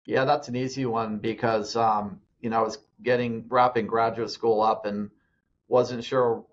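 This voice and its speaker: A man from the US East Coast, a guest on an interview podcast, telling stories in a relaxed way with many fillers and restarts. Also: mid-range voice, measured pace, highs cut off. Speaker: guest, nonprofit CEO. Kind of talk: casual interview talk.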